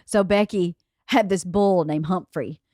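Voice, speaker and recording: A woman hosting a podcast, telling a story in a lively, laughing way. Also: on the low side, a little slow, no room sound, clean studio sound. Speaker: podcast host. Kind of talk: casual storytelling chat.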